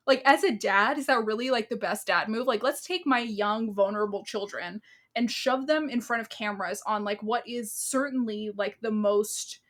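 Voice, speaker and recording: A woman co-hosting a podcast, chatting casually in an animated rant full of "like". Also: mid-range voice. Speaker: podcast co-host. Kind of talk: casual chat.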